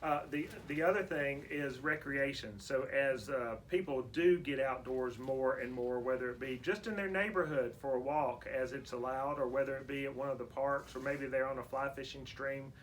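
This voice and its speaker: A man's voice: mid-range voice, moderate pace, hardly any pauses, slight background noise. A man with a Southern US accent hosting a casual radio interview, folksy and playful with his guest. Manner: folksy, plays quiz games with guest. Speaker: radio show host.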